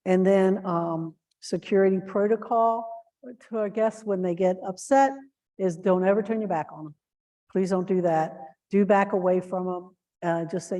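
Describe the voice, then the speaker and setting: Shelter volunteers get earnest training from a woman whose medium-pitched voice is warm, fairly even and moderately paced. She often restarts and leans on fillers, and she performs example lines in a lifted tone.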